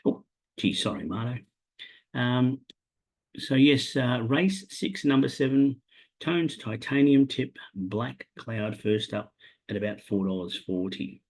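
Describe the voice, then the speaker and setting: A man's voice: medium pitch, expressive, slow pace. An Australian man hosting a podcast alone, rambling through horse racing tips in a self-mocking way and talking to his absent co-hosts. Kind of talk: solo casual chat.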